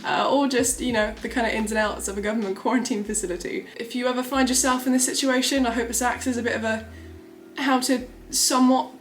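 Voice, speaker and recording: A young woman vlogging casually from a small indoor room, chatty and excitable. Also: a little high, quick pace. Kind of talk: casual vlog diary. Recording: roomy echo.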